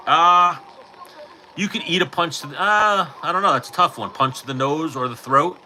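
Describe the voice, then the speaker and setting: A middle-aged man hosting a casual livestream chat, telling fight stories in an animated way, swearing freely and acting out what people said, into his own mic. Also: on the high side, normal speed, slight background noise, rough recording. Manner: animated storytelling, swears freely, acts out quotes. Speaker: livestream host. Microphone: personal mic.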